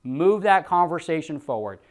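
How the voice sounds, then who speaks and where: A man's voice: big pitch swings, moderate pace. Emphatic male sales trainer. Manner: emphatic, repetitive coaching with punchy "boom" exclamations. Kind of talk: sales coaching lesson with role-played scripts.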